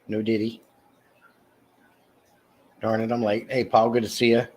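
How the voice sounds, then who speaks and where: A man hosting a casual livestream, answering viewers' comments by name in a rambling way with frequent restarts. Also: little pitch movement. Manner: mock sales pitch, slow and emphatic. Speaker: livestream host. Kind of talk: casual live chat reading comments.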